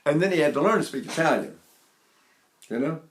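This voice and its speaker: A man's voice: a little high, expressive, fairly quick, reverberant, slight background noise. A man in his eighties giving an informal voice lesson, rambling a little and breaking into short sung demonstrations. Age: 80s. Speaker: voice teacher.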